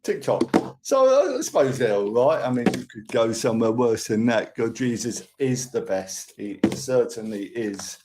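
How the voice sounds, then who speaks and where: A man's voice: mid-range voice, animated, moderate pace, heavy background noise. Older Cockney man rambling on a livestream. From London. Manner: chatty, rambling, thanks viewers for gifts. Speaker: live streamer. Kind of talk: casual live-stream chat with viewers.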